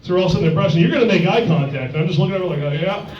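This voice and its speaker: Crude rambling comedian in a noisy bar. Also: male voice, high voice, animated, racing. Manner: crude, rambling, heavy on filler words. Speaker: stand-up comedian. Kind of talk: stand-up comedy set. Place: sports bar. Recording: echoey bar, distant dull mic, crowd.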